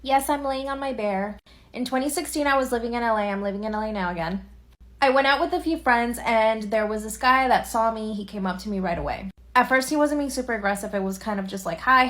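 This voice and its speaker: A woman's voice: a little high, fairly bright tone. A woman chatting casually to camera from her bed, acting out what people said. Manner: chatty, acts out quotes, laughs easily. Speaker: social media creator. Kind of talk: casual storytime chat to camera. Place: at home, lying on a bed.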